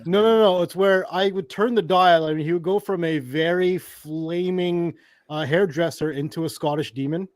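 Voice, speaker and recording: A man's voice: on the high side, moderate pace, dry recording, clean studio sound. A man co-hosting a wrestling podcast, chatting casually with a teasing, playful manner. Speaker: podcast co-host. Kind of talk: casual chat.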